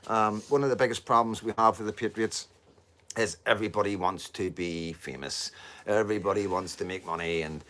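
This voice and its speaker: A man's voice: lowish voice, fairly even intonation, fairly quick, a bit bright. Rambling Northern Irish man live-streaming. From Northern Ireland. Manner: rambling, repetitive fillers, occasional swearing. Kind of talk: casual live stream monologue.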